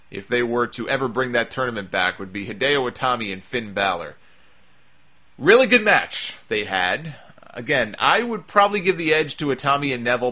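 Man, casual wrestling recap, bright forceful voice, wry asides. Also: mid-range voice. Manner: chatty, wry asides, frequent uh fillers. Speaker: wrestling show reviewer.

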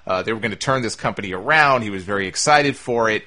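Talking fast in a lowish, pushed, bright voice, this man goes through listener mail on his podcast. His style is casual and conversational, dotted with "uh" fillers and restarts.

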